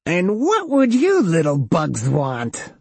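A man voicing a menacing, mocking male cyborg in an audiobook, speaking slowly with an eerie, taunting manner. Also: on the high side, wildly swooping pitch, vocal fry, slightly rough, dry recording, voice pushed up, full character voice. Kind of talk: audiobook character voice.

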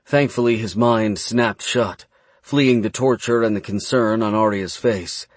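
A man narrating a fantasy novel as an audiobook, reading in a measured, dramatic way. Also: fairly low pitch, dry recording.

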